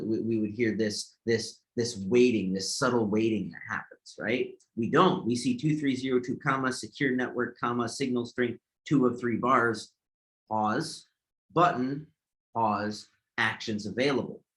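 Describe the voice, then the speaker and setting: A man's voice: medium pitch, fairly bright tone. A man giving a screen-share tutorial as an accessibility instructor, explaining step by step with many fillers and tag questions.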